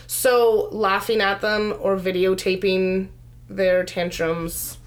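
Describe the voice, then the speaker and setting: A woman's voice: medium pitch, little pitch movement, slow pace. A woman giving parenting advice in a casual chat, conversational with frequent fillers. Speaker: parenting discussion co-host.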